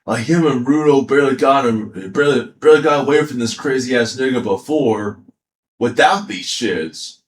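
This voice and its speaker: Medium-pitched and speaking at a normal clip in a roomy-sounding space, this anime commentator laughs and curses his way through an animated, casual rant, walking back through scenes from the show.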